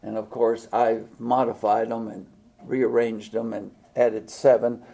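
A man preaching a sermon in a folksy, halting way, with frequent fillers and restarts. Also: on the low side, level tone, creaky, warm tone. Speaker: pastor.

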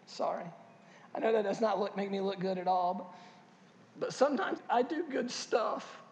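A male pastor preaching a sermon, animated and joking, with loud bursts. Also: high-pitched, moderate pace, muffled recording, slight background noise. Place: large church hall. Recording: echoey church hall.

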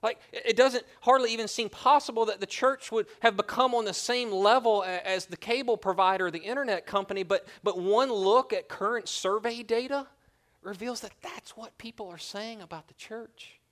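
A man's voice: sits high, normal speed, a bit bright. A man pastor preaching a sermon in an earnest, conversational way with colloquial asides.

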